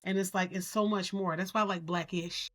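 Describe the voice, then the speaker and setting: A woman co-hosting a podcast, speaking candidly and telling stories in an animated way. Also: lowish voice, fairly quick. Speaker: podcast co-host. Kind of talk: casual podcast discussion.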